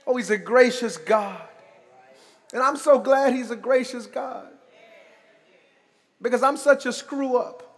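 A pastor delivering a sermon in a church, building to shouted emphasis and dropping into humorous asides. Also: male voice, very high-pitched, unhurried, pauses often. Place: church sanctuary. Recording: long reverb of a large hall.

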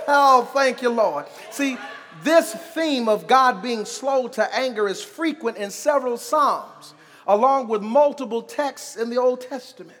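High-voiced man preaching in an echoing hall. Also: lively intonation, takes it slowly, a faint crowd. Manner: preaching, with shouted emphasis and humorous asides. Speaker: pastor. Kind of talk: sermon. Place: church sanctuary. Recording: long reverb of a large hall.

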